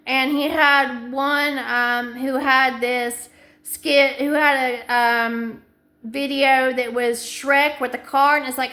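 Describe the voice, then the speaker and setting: A woman's voice: high-pitched, steady tone, slow pace, sharp tone. A middle-aged woman in a rambling monologue to camera, stringing long chains of clauses together in an anxious, insistent way. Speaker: vlogger.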